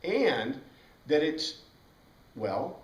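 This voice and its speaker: Bible class teacher, male, chatty and rambling, slightly high voice, distant mic in a reverberant classroom. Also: very animated, extremely slow. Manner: chatty, rambling, spells out words letter by letter. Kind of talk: informal classroom lecture. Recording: roomy classroom heard from a distance.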